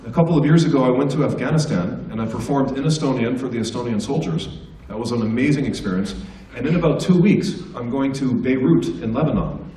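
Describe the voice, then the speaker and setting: A man's voice: mid-range voice, brisk, few pauses, mellow, echoey room, recorded from a distance, low-quality recording. An American man, a stand-up comedian, giving a casual, joking talk to students at a school assembly. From United States. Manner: joking, anecdotal, conversational. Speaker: guest speaker, stand-up comedian. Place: school hall.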